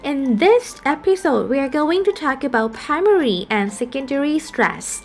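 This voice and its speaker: A woman's voice: high voice, sing-song, moderate pace, faint music behind. Patient woman teaching phonetics. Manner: patient explaining, frequent fillers and self-corrections. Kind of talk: recorded online lesson.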